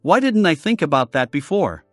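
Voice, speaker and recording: A tense, self-critical young man from a fantasy audiobook, read by a man narrator. He speaks in a flat, subdued way, with a lively rise and fall in the pitch. The sound is dry and close, with faint music underneath. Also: normal speed, no room sound. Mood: strained.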